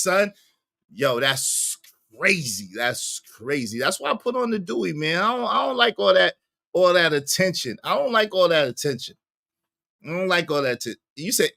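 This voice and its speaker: A man's voice: on the high side, very animated, normal speed, a bit bright, dry recording. A man hosting a casual livestream, talking playfully and teasing the chat. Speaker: livestream host.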